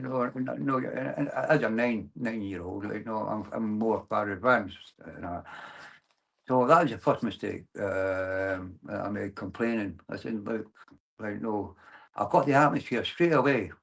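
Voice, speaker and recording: A man in his sixties from Glasgow, telling his own story as an interview guest, in a halting way with frequent restarts and the filler "like, no". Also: fairly low pitch, vocal fry. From Glasgow, Scotland. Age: 60s. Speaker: guest, abuse survivor and campaigner. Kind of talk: personal testimony in conversation.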